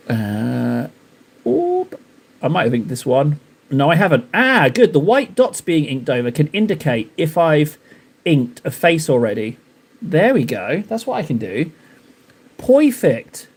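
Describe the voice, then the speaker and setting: A young adult man with a fairly high-pitched voice hosts a live stream, painting miniatures while chatting casually and playfully with viewers and teasing them in mock-dramatic bursts.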